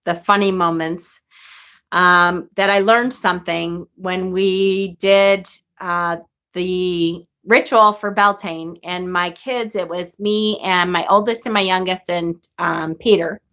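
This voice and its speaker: A woman's voice: fairly low pitch, steady tone, slow, bright, forceful tone. A woman in her forties chatting casually as a vlogger, telling a rambling story and laughing often. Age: 40s. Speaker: witchcraft vlogger.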